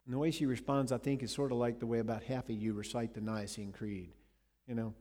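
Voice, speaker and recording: A man's voice: medium pitch, steady tone, quick pace. Man preaching in an echoing church. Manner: dramatic retelling with sudden loud and hushed swings. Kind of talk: sermon.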